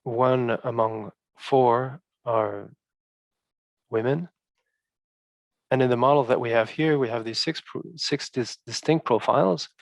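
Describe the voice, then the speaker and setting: A male researcher presenting study results in a halting way, with many fillers and restarts. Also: medium pitch, creaky, no echo.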